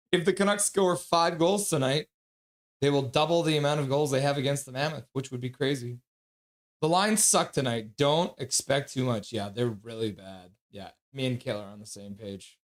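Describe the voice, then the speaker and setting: A man's voice: medium pitch, normal speed. A man hosting a live hockey watch-along stream, joking around and greeting viewers from chat in a casual way. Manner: jokey, reads chat messages aloud and greets viewers.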